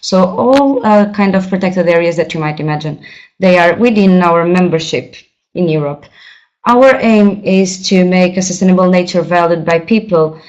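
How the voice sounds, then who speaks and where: Lowish woman moderator on dull web audio. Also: moderate pace, darkish tone. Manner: polite, hesitant with fillers. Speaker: webinar moderator. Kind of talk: webinar introduction.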